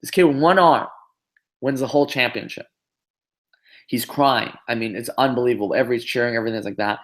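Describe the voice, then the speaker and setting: A man working as a business trainer spins a lengthy, animated motivational tale during a group call. He speaks at a typical middle pitch and leans on fillers and rapid tag questions to keep the story moving.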